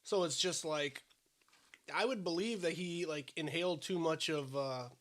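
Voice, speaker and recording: Man, podcast co-host, a little high pitched, chatty casual talk, lots of hedging. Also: moderate pace, fairly bright tone. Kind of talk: casual chat while eating.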